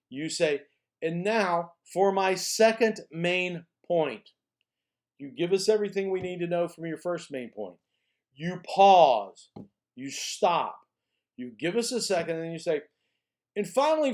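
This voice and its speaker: A man teaching a college speech course in a recorded lecture, explaining steps one by one, repeating himself and checking in with "okay?", slowing down to stress key phrases. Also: on the high side, darkish tone.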